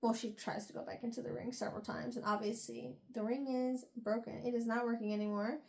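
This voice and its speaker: A young woman with a slightly high voice recaps a novel's plot for her podcast. She rambles in a loose, animated way, full of fillers and quick asides. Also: creaky. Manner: rambling, animated retelling with frequent "like" and laughs. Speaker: book review podcast host. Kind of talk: casual book recap.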